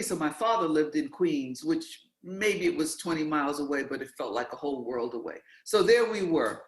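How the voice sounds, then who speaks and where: A man from New York telling stories in relaxed conversation, acting out the quoted voices of other people. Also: fairly high pitch. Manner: animated, acts out quoted voices. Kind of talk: conversational storytelling. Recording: roomy echo.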